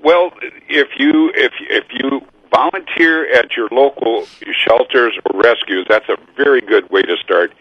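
A man's voice: medium pitch, unhurried, breathy edge, dry recording, lo-fi sound. A man with a Minnesota accent, a guest author on a casual radio interview. He is easygoing and agreeable and often repeats his words.

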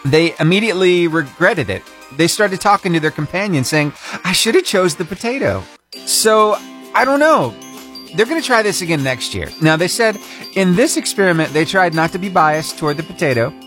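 Guy doing a chatty radio segment, kinda high voice, super bouncy delivery. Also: a bit bright. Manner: chatty, playful storytelling with rising emphasis. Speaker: radio host. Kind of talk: upbeat radio feature segment.

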